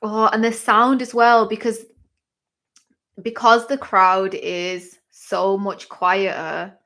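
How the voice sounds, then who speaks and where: A woman hosting a live fight-watching stream, chatty and excitable, with lots of exclamations and fillers. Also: mid-range voice, slow. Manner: chatty, filler-heavy talk. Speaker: livestream host.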